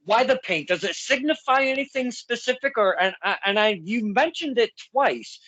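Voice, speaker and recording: A chatty male podcast host with a high voice who breaks in with casual asides. The sound is close and dry, with no room echo. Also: animated, moderate pace, bright, forceful tone. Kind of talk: casual interview chat.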